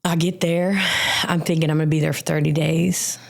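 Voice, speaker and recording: A woman's voice: deep voice, flat delivery, fairly quick, vocal fry. A woman sharing her life story as a guest on a podcast, telling it animatedly with casual slang and acted-out quotes. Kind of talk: personal testimony in a podcast interview.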